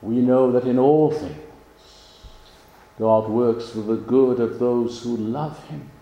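Slow, dark-voiced male preacher. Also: mid-range voice. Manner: slow, measured delivery with emphatic pauses. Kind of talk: sermon. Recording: roomy, echoey sound.

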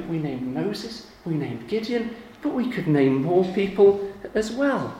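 A man in his forties preaching a sermon in a relaxed, conversational way, turning animated when he acts out everyday examples. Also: high-pitched, measured pace, few pauses. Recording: echoey room with faint ambient noise.

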